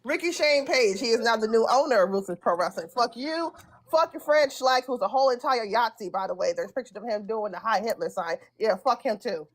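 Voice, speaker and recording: A woman's voice: fairly high pitch, expressive, brisk. A woman on a wrestling talk panel, ranting and cursing heavily. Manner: profane, ranting. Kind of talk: casual panel chat.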